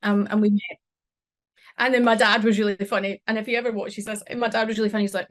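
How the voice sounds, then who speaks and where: A middle-aged woman, a podcast guest, recounting a personal experience in an emotional, halting way with many restarts. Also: mid-range voice, little pitch movement. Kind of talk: personal storytelling.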